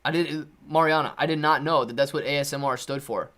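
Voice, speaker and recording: A man's voice: fairly high pitch, brisk, a bit bright. A man hosting a live stream, chatting casually with viewers, reading out their comments and answering in a laid-back, slangy way. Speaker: livestream host.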